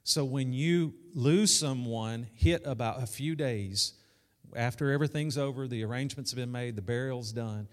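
A man's voice: mid-range voice, normal speed. A man preaching a sermon as pastor, conversational, repeating key lines and calling out to the congregation. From South Arkansas. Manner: conversational preaching with repetition and call-outs. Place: church sanctuary. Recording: echoey church hall.

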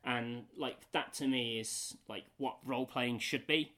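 A man in casual chat, telling an animated story with many fillers and frequent laughter. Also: mid-range voice, measured pace.

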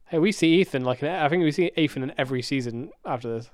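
A man co-hosting a casual podcast, playful and quick to laugh while watching a TV episode. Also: fairly high pitch, expressive, a little mellow, dry recording, clean studio sound. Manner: laughing, playful, does silly impressions. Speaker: podcast co-host.

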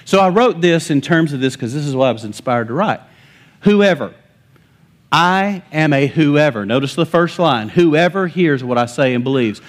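A joyful male pastor preaching a sermon from a church stage, his fairly high voice animated and emphatic. He laughs easily as he speaks, driving each point home with enthusiasm. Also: moderate pace. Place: church sanctuary.

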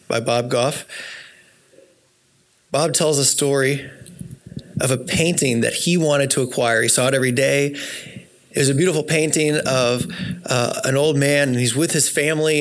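Male preacher, fairly high voice, reflective sermon delivery, slows down on key words. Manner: reflective, asks listeners to picture things, slows down for emphasis. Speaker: pastor.

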